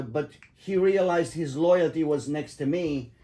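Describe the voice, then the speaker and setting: Here a middle-aged father spins casual stories for his children, his voice mellow and on the high side at an ordinary pace. He wanders off track, curses, and cracks himself up along the way.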